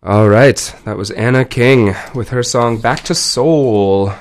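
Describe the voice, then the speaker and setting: Between songs on his radio music show, a man talks casually at a slow pace in a mid-range voice made stuffy and nasal by a cold. He rambles loosely and corrects himself along the way.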